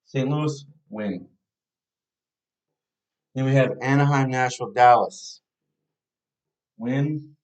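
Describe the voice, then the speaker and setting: A man's voice: medium pitch, slow, long pauses. A man hosting a fan podcast, casually previewing a hockey team's schedule and thinking aloud as he talks.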